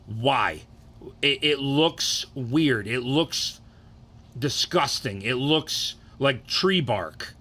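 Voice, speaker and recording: A man's voice: medium pitch, animated, drawn-out words, sharp tone. A young man ranking cereals in a casual, profane, rambling way, getting worked up and restarting his sentences.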